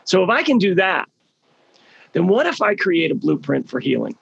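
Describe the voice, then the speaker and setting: A man's voice: high-pitched, big pitch swings, moderate pace, creaky, a bit bright, husky, dry recording, dull audio. A middle-aged man leading a healing program, giving a motivational talk with emphatic storytelling and words repeated for stress.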